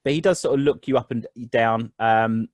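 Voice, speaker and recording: A man's voice: mid-range voice, moderate pace, no room sound. A man narrating as game master of a tabletop game online, talking loosely with frequent ums and restarts. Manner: rambling, many fillers and restarts.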